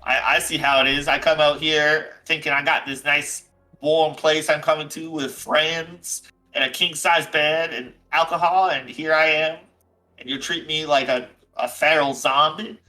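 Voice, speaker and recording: A man's voice: fairly high pitch, steady tone, measured pace, bright, forceful tone, rough recording. A man voicing a jittery male biker character who talks in casual slang and sounds hurt and offended. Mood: aggrieved. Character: jittery male NPC biker, easily spooked, whiny.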